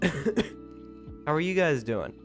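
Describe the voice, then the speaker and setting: A young adult man streaming live, chatting casually and greeting viewers by name, recovering from a cold, with loud excited bursts when he thanks people. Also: fairly high pitch, very slow, faint music behind.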